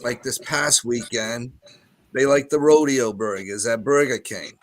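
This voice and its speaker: A man's voice: mid-range voice, unhurried. An older man with a Rhode Island accent, chatting earnestly as a guest on a talk show. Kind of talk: casual chat.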